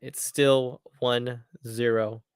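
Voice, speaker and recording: Excitable man hosting a match watchalong. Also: medium pitch, extremely slow, clear, resonant tone, no room sound, clean studio sound. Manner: excitable, chatty, repeats phrases. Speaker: watchalong host. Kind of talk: live match commentary watchalong.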